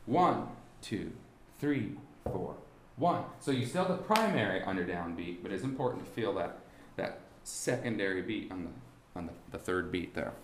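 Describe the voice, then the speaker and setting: A man teaching a class on musical timing, talking haltingly with many restarts and asking the students rhetorical questions. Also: low voice, expressive, reverberant, background noise. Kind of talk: classroom lesson on beat patterns. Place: warm indoor classroom.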